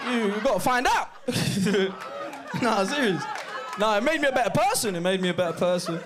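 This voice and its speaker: A man performing a lively stand-up set, telling stories with shouted impressions. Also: high voice, normal speed, a crowd in the background, noisy background. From Jamaican heritage, East London. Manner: animated storytelling with bursts of shouted impressions. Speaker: stand-up comedian. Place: comedy club stage. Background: audience laughter.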